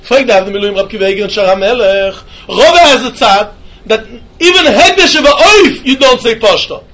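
A man teaching a Talmud lesson in a yeshiva style, with an animated singsong delivery. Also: very high voice, fairly quick. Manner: animated singsong, mixing Yiddish and Hebrew terms.

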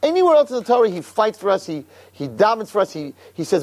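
A man teaching a Torah class, emphatic and animated, repeating words and firing off rhetorical questions. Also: sits high, fast talker, hardly any pauses.

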